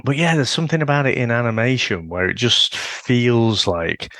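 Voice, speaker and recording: Co-hosting a podcast, a man chats casually, rambling with restarts and swearing freely. His mid-range voice is very animated and a bit bright at normal speed, in a dry, clean studio recording.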